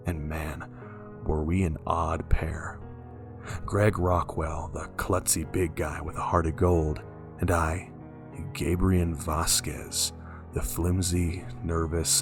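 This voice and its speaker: A man narrating a scripted horror story in a calm, measured way. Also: low voice.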